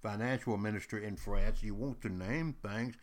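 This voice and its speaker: A man telling a history story aloud in a lively, folksy way, speaking straight to the listener. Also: on the low side, normal speed. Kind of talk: oral storytelling.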